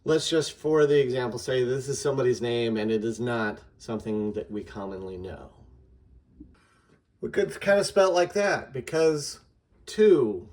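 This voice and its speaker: A man patiently explaining a method in an instructional lesson, slowing down to sound out example words. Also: medium pitch, darkish tone. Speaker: teacher.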